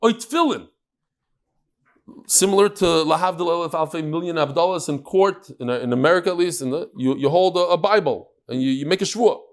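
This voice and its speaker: Male Talmud teacher, high voice, animated classroom delivery that mixes in Aramaic terms. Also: quick pace, few pauses. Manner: lively, mixes Hebrew-Aramaic terms into English, jokes with listeners.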